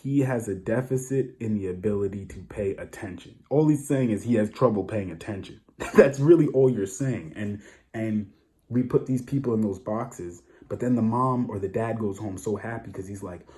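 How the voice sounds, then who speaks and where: A man with a low voice speaks straight to camera from home in a loose, casual monologue. His tone is dark and mellow, and he makes his points bluntly, repeats himself and keeps checking in with rhetorical asides. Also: moderate pace. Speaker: vlogger.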